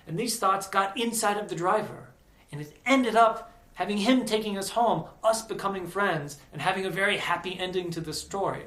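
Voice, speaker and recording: A man telling a personal story in a casual, animated vlog, peppered with "like". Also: high voice, moderate pace, reverberant. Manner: animated, chatty, lots of "like".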